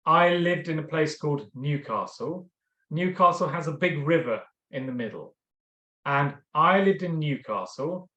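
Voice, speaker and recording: Male teacher, slightly high voice, slow patient explanations with restarts, echoey video-call sound. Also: a bit bright. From northern England. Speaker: English teacher. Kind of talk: video call talk with students.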